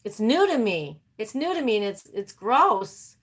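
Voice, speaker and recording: A woman's voice: fairly high pitch, sing-song, measured pace, slightly rough. A woman chatting casually and animatedly with her livestream viewers, laughing often. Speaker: livestream host.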